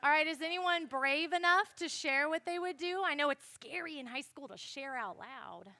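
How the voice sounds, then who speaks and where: A young woman giving a classroom Bible lesson, animated and speaking straight to her listeners. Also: sits high, moderate pace, no room sound, a faint crowd. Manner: animated, addresses listeners directly.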